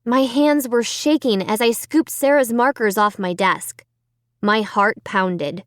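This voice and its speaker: A woman's voice: on the high side, slow pace, dry recording, clean studio sound. A woman narrating a children's horror audiobook in the first person, telling it dramatically and expressively.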